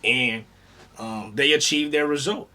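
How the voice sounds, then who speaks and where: A man giving a casual, animated review, talking in slang, repeating himself and swearing. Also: medium pitch, a little slow. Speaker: reaction video reviewer.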